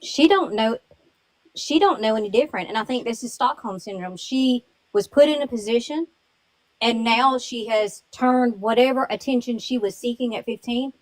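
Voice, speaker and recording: A woman's voice: on the high side, normal speed, rough recording. A woman calling in to a livestream, speaking earnestly and emotionally in a rambling way. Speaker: caller on a livestream. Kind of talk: live-stream call-in.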